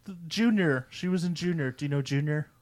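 A man's voice: on the high side, a little fast, a little mellow. A man co-hosting a podcast, chatting about a film in a laid-back, blunt and profane way. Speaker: podcast co-host. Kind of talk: casual movie discussion.

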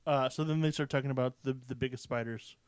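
A man's voice: mid-range voice, quick pace, clear, resonant tone, dry recording. A man co-hosting a podcast, recapping a movie in casual chat, swearing freely and acting out the characters' lines. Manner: profane, animated, acts out characters in quotes. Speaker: podcast co-host.

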